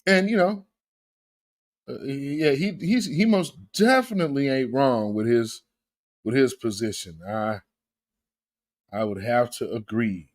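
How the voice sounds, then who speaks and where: Slow drawling male commentator. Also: medium pitch. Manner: slow, drawling, loose with fillers. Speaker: commentary host. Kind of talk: casual commentary.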